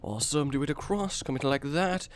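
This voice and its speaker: A man's voice: fairly high pitch, quick pace. A man hosting a gaming video, telling a rambling, self-mocking story while he builds in a game.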